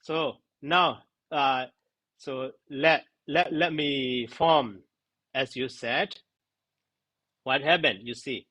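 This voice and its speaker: A man teaching Pali grammar in a class discussion, halting and searching for words, with many fillers. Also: medium pitch, pushed and bright, poor audio.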